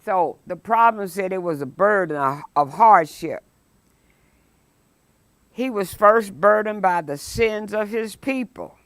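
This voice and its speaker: This woman pastor's mid-range voice is expressive and free of echo. Teaching a midweek Bible study sermon, she lingers on key phrases with deliberate stress, preaches emphatically, and gives scripture dramatic force.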